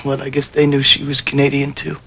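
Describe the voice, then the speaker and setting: An older man, a war veteran, telling his memories in a documentary interview with plain, unhurried storytelling. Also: mid-range voice, completely flat delivery, vocal fry, a bit bright, husky, poor audio.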